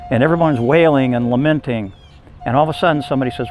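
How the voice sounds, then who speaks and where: Man, folksy storyteller, casual, mid-pitched voice, faint background music. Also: very fast. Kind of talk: telling a folk tale aloud.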